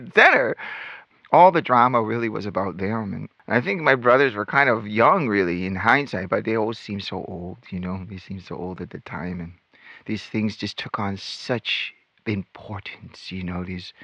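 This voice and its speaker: A man telling his life story as host of his own channel, animated and acting out remembered lines as he goes. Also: lowish voice, no room sound, dull audio. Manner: animated storytelling, acts out quotes. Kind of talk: personal testimony monologue.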